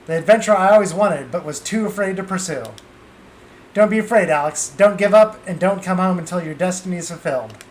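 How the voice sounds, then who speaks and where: A man's voice: high-pitched, fairly quick, a little hiss or hum, natural voice, low-quality recording. A man reading a proud, solemn middle-aged father's lines in a game, encouraging and earnest.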